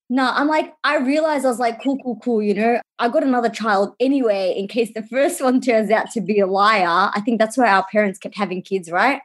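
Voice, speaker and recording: A woman, co-hosting a casual podcast and telling animated stories with casual swearing. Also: a little high, brisk, hardly any pauses. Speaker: podcast co-host. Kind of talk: casual chat.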